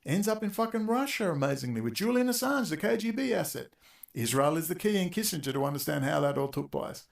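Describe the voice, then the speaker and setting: Angry profane male host, gravelly, high-ish voice, exhausted rant. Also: animated. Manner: profane, exasperated, rapid-fire.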